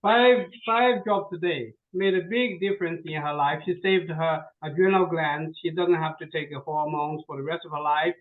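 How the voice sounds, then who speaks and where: High-voiced man on a tinny call. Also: steady tone, normal speed, hardly any pauses. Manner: repetitive, stumbling, eager. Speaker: product presenter on a video call. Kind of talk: casual sales chat. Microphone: video call. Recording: tinny video call line.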